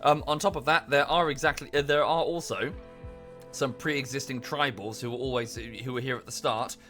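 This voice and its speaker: A man's voice: medium pitch, fairly even intonation, moderate pace, fairly bright tone. A young man explaining a game's backstory on a casual stream, with many fillers. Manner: explains the game setting, thanks viewers, many fillers. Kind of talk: casual game stream commentary. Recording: faint music behind the voice.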